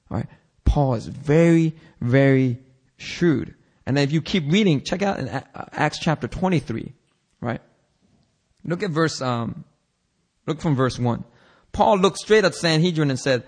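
Man preaching, pastor, casual slangy sermon, acts out characters, lively, fairly high voice. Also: normal speed.

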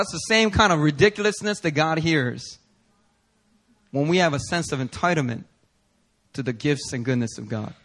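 Bright-voiced, emphatic male preacher. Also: on the high side. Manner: earnest, emphatic, builds intensity with repetition. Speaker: pastor. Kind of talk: sermon.

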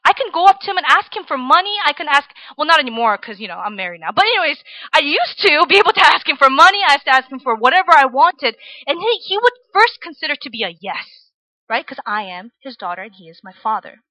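A woman's voice: sits high, very animated, fast, sharp tone, dry recording, poor audio. A young woman from Virginia giving a casual, chatty sermon to students, often tagging her points with "right?". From Virginia, USA. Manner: chatty, tags lines with "right?" and "like". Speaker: preacher.

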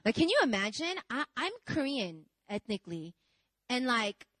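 A woman's voice: fairly high pitch, normal speed, no room sound, poor audio. Candid young woman preaching a sermon. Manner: candid, animated, conversational. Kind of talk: sermon with personal storytelling. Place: church service.

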